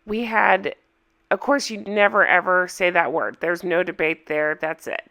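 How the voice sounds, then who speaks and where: A woman recaps a reality series in a casual, opinionated way. Her voice is hoarse from a cold, gravelly with fry and pitched a bit low. She keeps inviting her viewers to weigh in. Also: measured pace, bright, forceful tone. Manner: chatty, opinionated, asks viewers for comments.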